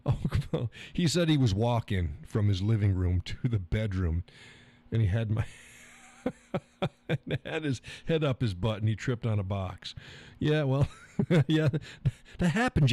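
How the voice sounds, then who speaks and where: A man's voice: lowish voice, warm tone. A middle-aged man hosting a casual live stream, reading out chat comments, joking crudely and laughing often. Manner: chatty, laughs often, salty jokes. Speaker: livestream host reading chat.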